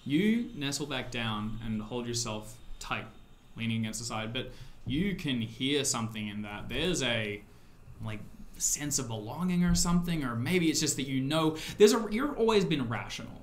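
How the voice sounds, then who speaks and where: A man's voice: mid-range voice, animated, normal speed, slight background noise. A man running a tabletop horror game as game master, narrating scenes descriptively with loose fillers.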